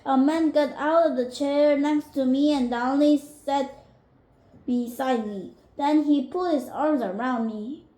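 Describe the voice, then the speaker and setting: A woman's voice: high voice, slow, mellow, reverberant, low-quality recording. A woman reading a graded storybook aloud carefully, with small restarts. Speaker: reader.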